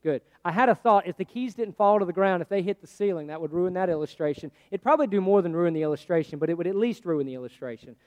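Male pastor, sermon, high voice, chatty delivery with big shifts between loud and hushed, long hall reverb. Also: animated, fast, few pauses, muffled recording. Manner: conversational preaching, swinging from loud to hushed.

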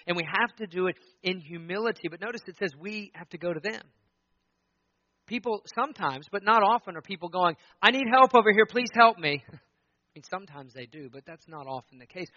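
Male pastor, 30s, fairly high, bright voice, dull lo-fi sound. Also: no room sound. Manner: conversational preaching with acted-out quotes. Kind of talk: sermon.

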